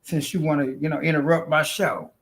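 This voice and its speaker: A woman's voice: deep voice, steady tone, fairly quick. Chatty woman giving live psychic readings. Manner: chatty, calls viewers honey and girl, laughs often. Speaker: intuitive reader hosting a live stream. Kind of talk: casual live-stream chat and psychic reading. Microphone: phone.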